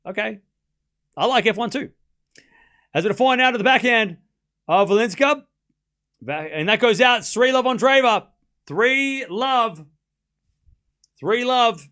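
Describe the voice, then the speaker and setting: A man's voice: very high voice, animated, measured pace, pauses often, bright, forceful tone, clear, resonant tone. A young Australian man giving casual live tennis commentary on a stream, chatting with his viewers and laughing often. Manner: chatty, reads chat aloud, laughs often.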